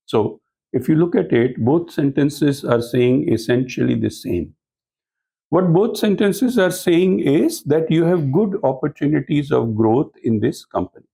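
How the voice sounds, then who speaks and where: A man's voice: fairly high pitch, gravelly, dark tone, slightly rough, low-quality recording. A man giving a training lecture to business professionals, explaining points and posing rhetorical questions to the audience. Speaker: speaker at a corporate training talk.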